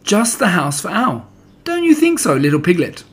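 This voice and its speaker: A man voicing a cheerful, kind young boy in a storybook reading, with gently coaxing questions. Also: high voice, huge pitch swings, moderate pace, breathy edge, voice pushed up, exaggerated voice. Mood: gentle. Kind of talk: storybook character voice.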